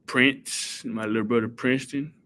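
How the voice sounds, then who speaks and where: A man chats casually on his live stream, reacting to viewer comments with lively energy. His voice sits in a middle pitch for a man, and he keeps things loose and conversational while calling out names. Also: normal speed. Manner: animated, reads viewer comments and gives shout-outs.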